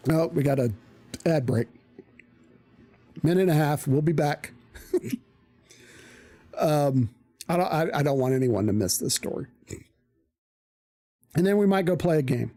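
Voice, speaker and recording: A live streamer telling a story in a casual, animated way, swearing freely. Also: medium pitch, a little slow, pauses often.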